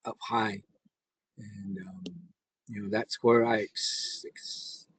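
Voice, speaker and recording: A man's voice: on the low side, flat delivery, takes it slowly, breathy edge, dry recording, poor audio. A middle-aged man from the Navajo Nation, a scoutmaster telling his story in a rambling way, with restarts and acted-out quotes. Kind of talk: casual storytelling.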